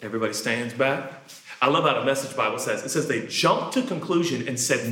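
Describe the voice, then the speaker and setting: A man preaching a sermon, animated, jumping from shouted lines to quiet asides. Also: mid-range voice, brisk. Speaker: pastor. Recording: echoey room.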